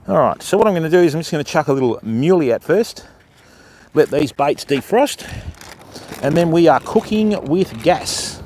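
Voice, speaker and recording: A man's voice: on the high side, lively intonation, moderate pace, darkish tone, slight background noise. A man with an Australian accent hosting a live beach-fishing stream outdoors, chatting to viewers and explaining his rigs. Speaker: fishing livestream host. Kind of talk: casual live-stream commentary.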